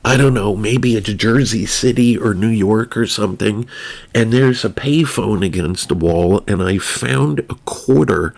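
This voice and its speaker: A man's voice: on the low side, a little slow, creaky, a little mellow. A man putting on a crude wannabe gangster. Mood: urgent. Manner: New York-ish tough-guy swagger, swearing.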